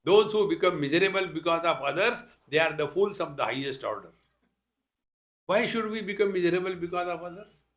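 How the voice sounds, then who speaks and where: An older man with an Indian accent gives a spiritual discourse to an audience, weaving in stories, rhetorical questions, and humorous asides. His voice is high-pitched, animated, a bit bright, and a little fast.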